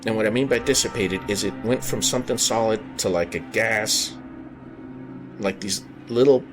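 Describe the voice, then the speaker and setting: A man with a fairly low voice recounts a personal brush with the paranormal for his podcast. He talks earnestly, pausing and rephrasing as he searches for the right words. Clear music plays underneath him throughout. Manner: earnest, halting, circles back and rephrases. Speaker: podcast host. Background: background music.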